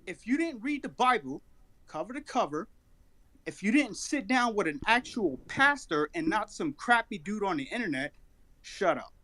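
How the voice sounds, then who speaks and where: High-pitched man scolding animatedly. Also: big pitch swings, normal speed, bright, forceful tone. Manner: preachy, scolding, calls everyone out. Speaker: caller in a live debate room. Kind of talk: heated online debate.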